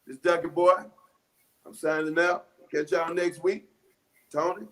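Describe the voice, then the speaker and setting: A man's voice: on the high side, fairly even intonation, a little slow. A man co-hosting a casual talk show, bantering playfully and joking with slang. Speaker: show co-host. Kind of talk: casual show sign-off chat.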